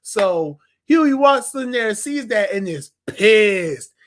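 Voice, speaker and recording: A young man in a casual review vlog, animated and slangy, laughing as he retells scenes. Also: sits high, slow pace, a little hiss or hum. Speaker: TV episode reviewer.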